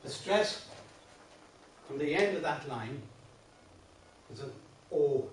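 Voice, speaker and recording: A slightly high-pitched man speaks slowly with lively intonation. He's an Irish singing teacher running a song workshop in a classroom, patiently explaining verse patterns, restarting often and slipping into sung lines. A distant room mic catches him off-mic in a very echoey space, with slight background noise.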